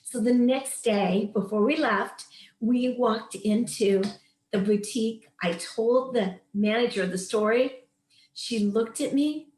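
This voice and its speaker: A woman in her late fifties speaks as a wellness coach, earnest and emphatic as she shares an inspirational personal story. Her voice sits a little high. The recording carries a noticeable room echo. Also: slow pace, a little mellow. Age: 50s. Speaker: wellness coach leading a meditation session. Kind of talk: heartfelt storytelling and coaching talk.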